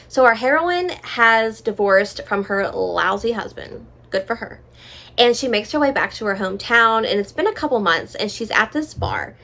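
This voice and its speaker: A woman casually chatting on her vlog about books she plans to read, full of "like" and "you know", dropping into soft, quiet asides. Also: mid-range voice. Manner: chatty, filler-heavy, drops into soft asides. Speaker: book vlogger. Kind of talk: casual book chat.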